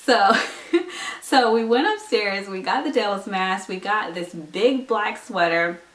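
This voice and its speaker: A woman's voice: mid-range voice, slow pace, fairly bright tone. A young woman telling a story to her vlog camera in a casual, giggly way, full of likes and ums. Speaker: vlogger. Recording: echoey room, mic a bit far.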